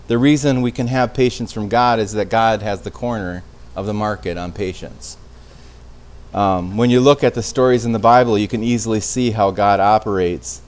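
A man with a somewhat low voice teaches an evening Bible study in a relaxed, conversational way. He often restarts his phrases and checks in with his listeners along the way. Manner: conversational, with frequent restarts and tag questions.

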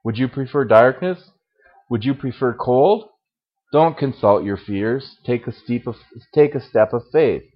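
A man voicing a calm male stranger bringing fire, speaking steadily and with gentle invitation, read aloud during a sermon. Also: mid-range voice, measured pace, lo-fi sound, close to an everyday voice.

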